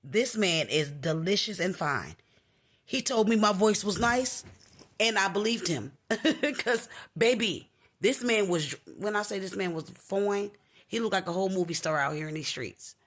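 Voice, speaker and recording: A boisterous young woman chatting straight to her viewers in a casual storytime. Her talk is slangy and animated, and she slips into other people's voices as she retells what they said. Her voice sits at an ordinary middle pitch for a woman. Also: unhurried. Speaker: vlogger telling a personal story.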